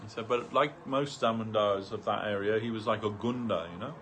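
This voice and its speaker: A man's voice: on the low side, brisk, fairly bright tone, a little hiss or hum. A man speaking at a devotional gathering, telling a long anecdote through many quotes, with frequent fillers and restarts. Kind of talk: storytelling talk.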